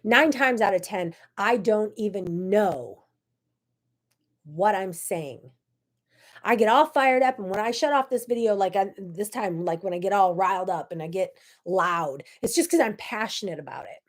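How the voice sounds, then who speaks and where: A woman hosting a faith talk show, preaching to camera in a fiery, candid way that swings between loud outbursts and hushed asides. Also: mid-range voice, lively intonation, normal speed. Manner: candid and self-deprecating.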